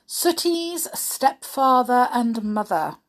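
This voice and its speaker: A woman reading a children's book aloud as a podcast host, slow and deliberate with soft asides. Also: a little high, big pitch swings. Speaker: podcast storyteller.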